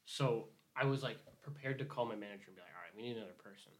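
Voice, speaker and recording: A man's voice: fairly low pitch, rapid-fire. Young man, casual chat, rambling story, lots of swearing, acts out quotes. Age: young adult.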